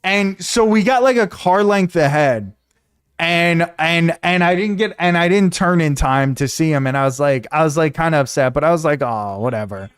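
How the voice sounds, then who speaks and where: A man streaming, telling a story to his chat in a casual, animated, profane way, often repeating himself. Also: a little high, moderate pace, clean tone.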